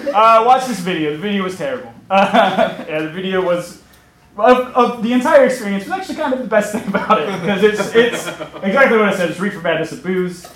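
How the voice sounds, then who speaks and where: A man's voice: high voice, animated, brisk, a bit bright. A young man telling a personal story onstage before an audience, chatty and self-mocking, laughing as he talks. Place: stage before a live audience. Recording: echoey room.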